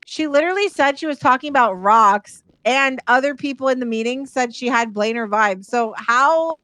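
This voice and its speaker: A woman's voice: high voice, normal speed, fairly bright tone, no room sound. A woman in character during a roleplay game session, blunt and swearing freely as she tells what happened. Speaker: roleplay gamer.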